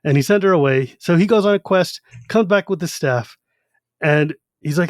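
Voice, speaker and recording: A man co-hosts a podcast, retelling a novel's chapters with animation and jumping into the characters' voices. His voice sits slightly high and is recorded close and dry, with no room sound. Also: a little fast, dry recording. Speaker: podcast co-host. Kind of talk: casual chat.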